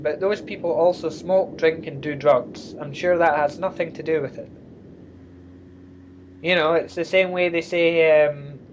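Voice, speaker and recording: Blunt, sarcastic man on a lo-fi call. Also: a little high. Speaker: co-host. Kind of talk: casual rambling chat. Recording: lo-fi mic with faint noise.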